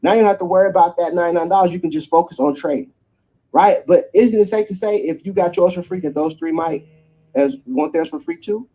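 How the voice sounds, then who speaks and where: A man giving an energetic sales pitch for a network marketing business, checking in with his listeners after almost every point. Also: fast talker, poor audio. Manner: energetic preacherly pitch, tag questions after each point.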